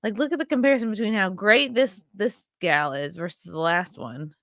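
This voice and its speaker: A woman's voice: medium pitch, moderate pace, fairly bright tone, no echo, clean studio sound. A woman hosting her own show, giving blunt, profane and rambling commentary on video clips with a sarcastic edge. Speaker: host.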